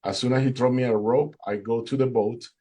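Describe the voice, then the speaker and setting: A man's voice: medium pitch, fairly even intonation, a little fast, mellow, breathy edge. A man telling a personal faith testimony, recounting events with emotion and acting out the dialogue. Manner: emotional storytelling, acts out dialogue. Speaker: speaker giving testimony.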